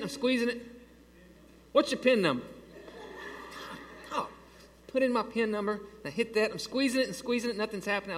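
A man preaching to his church, telling a story in an animated, exasperated way. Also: high voice. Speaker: pastor. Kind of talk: sermon with a storytelling aside. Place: church sanctuary. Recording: long hall reverb.

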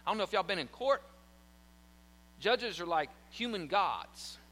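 A man's voice: high voice, expressive, a little slow, sharp tone. A man preaching a sermon in church, telling a story animatedly and acting out the quotes. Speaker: pastor. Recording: long hall reverb.

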